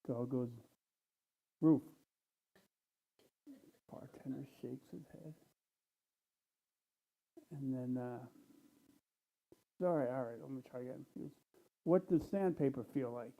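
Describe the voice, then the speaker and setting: A man speaking plainly and unhurriedly to a congregation, tired and low on energy, with frequent pauses. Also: gravelly, warm tone. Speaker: church speaker. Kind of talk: casual talk to a congregation. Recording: tinny phone-like sound.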